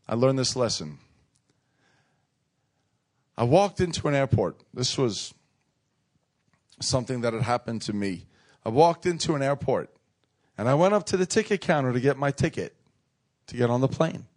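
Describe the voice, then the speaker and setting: A man's voice: medium pitch, animated, moderate pace, pauses often, a little mellow. A man preaching a sermon, emphatic and repeating phrases for effect, calling on the congregation to respond. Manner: calls on the crowd to respond.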